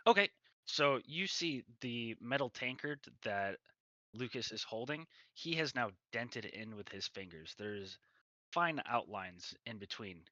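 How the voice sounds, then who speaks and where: A man's voice: medium pitch, expressive, unhurried, bright, forceful tone, no room sound, dull audio. A man narrating a tabletop game as game master, in a rambling way full of fillers.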